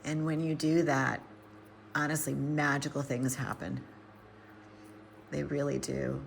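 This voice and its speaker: A woman with a low, gravelly voice chats live, with a slight hiss or hum in the audio. She's a hydroponic gardener and nutrition coach in an indoor grow room, casually rambling to viewers and thinking aloud as she works.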